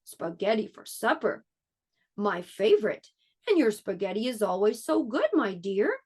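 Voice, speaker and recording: A woman's voice: mid-range voice, sing-song, unhurried, husky. A woman voicing a cheerful, hungry king who relishes his supper. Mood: pleased.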